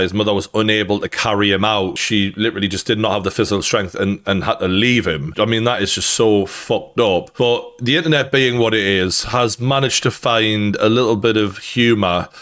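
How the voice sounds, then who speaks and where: A man's voice: fairly low pitch, a bit bright. Sweary Geordie man commenting on news. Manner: blunt, sweary, sardonic. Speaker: YouTube commentator.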